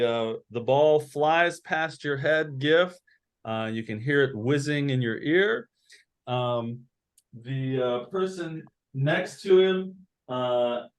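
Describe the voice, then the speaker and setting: A man narrating as game master, pausing often with fillers and restarts. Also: mid-range voice, clean tone. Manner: halting, many fillers and restarts.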